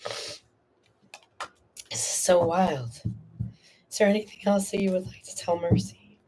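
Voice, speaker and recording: A woman's voice: fairly low pitch, a little slow, background noise. A woman hosting a live tarot reading, talking earnestly and emotionally to a viewer in a soothing, reassuring way. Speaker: tarot reader and host.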